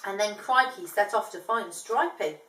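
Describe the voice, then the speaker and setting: A woman's voice: mid-range voice, moderate pace, bright, forceful tone, reverberant, recorded from a distance, low-quality recording. A woman reading a children's picture book aloud, lifting her voice for the animals' lines and stopping to explain things in a chatty way. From from outside Australia, now living there.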